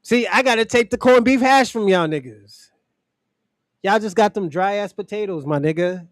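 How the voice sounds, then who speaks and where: Profane high-voiced man ranting. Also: moderate pace, no room sound. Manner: profane, mocking, laughs often. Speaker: livestream host. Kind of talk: casual livestream rant.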